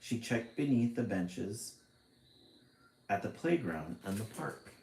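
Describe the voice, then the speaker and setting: A man reading a children's picture book aloud, expressive, with chatty asides between passages. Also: fairly low pitch, slow pace, reverberant, slight background noise, poor audio. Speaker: storytime reader.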